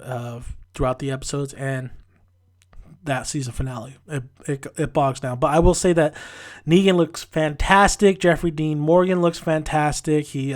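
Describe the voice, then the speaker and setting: A man's voice: a little high, darkish tone. A man reviewing a TV episode in a casual, frustrated rant with frequent restarts. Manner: frustrated, ranting, with many restarts. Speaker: TV show reviewer.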